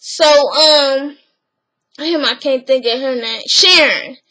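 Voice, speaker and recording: A woman casually retelling a story in an animated, blunt, slangy way. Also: high voice, takes it slowly, poor audio. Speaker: vlogger recapping a reality show.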